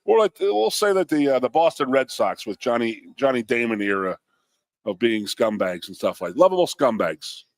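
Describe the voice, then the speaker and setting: Man, gruff, blunt storyteller, sports radio, dry mic. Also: medium pitch, sing-song, moderate pace, dry recording. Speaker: co-host, former college football lineman. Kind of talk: casual sports radio banter.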